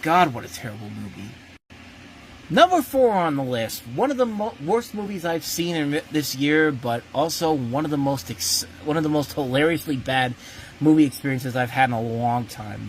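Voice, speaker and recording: A man's voice: fairly high pitch, animated, moderate pace, a little hiss or hum, low-quality recording. A man giving a casual spoken movie review as host, blunt and ranting, often breaking off and restarting his sentences.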